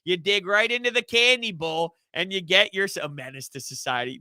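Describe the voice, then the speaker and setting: Bright, chatty young man live-streaming. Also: sits high, fairly quick, few pauses, dry recording, studio quality. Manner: chatty, rambling, laughs easily. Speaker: sports YouTube host. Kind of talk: live-stream chat reading comments.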